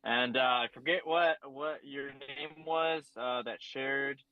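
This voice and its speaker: A man's voice: mid-range voice, takes it slowly. A man sharing upbeat encouragement in an online recovery meeting, with many fillers. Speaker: meeting participant. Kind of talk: casual sharing. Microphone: video call. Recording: dull dry call audio.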